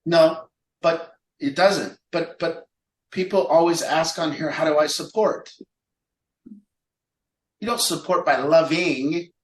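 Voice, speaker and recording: A fairly high-pitched man leads a recovery group in an echoey room. He talks emphatically, piles up rhetorical questions and answers them himself. His voice has a lifted pitch, and the space rings around him. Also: slow, pauses often.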